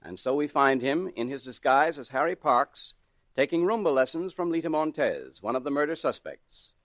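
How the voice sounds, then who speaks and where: A man announcing and narrating in a smooth, persuasive 1940s radio style. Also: medium pitch, animated, normal speed, no echo.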